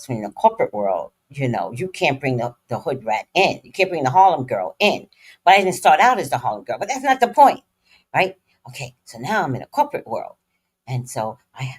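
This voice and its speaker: A woman from New York spins stories in a deep, husky voice. She talks bluntly and swears freely. Her pitch swoops up and down as she goes. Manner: blunt, profane, animated storytelling. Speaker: vlogger. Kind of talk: casual storytelling commentary.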